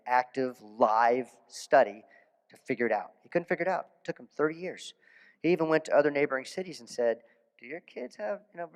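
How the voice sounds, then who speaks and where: A man, a dentist, giving a conference lecture in a casual storytelling way, animated, with restarts and asides. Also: mid-range voice, big-room sound. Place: conference hall.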